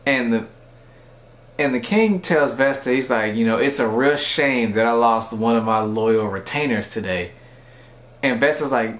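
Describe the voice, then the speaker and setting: Here a man reviews an anime episode offhandedly, wandering through his thoughts with constant "like"s and "you know"s. He speaks at a moderate pace with a medium pitch, and the room sounds echoey.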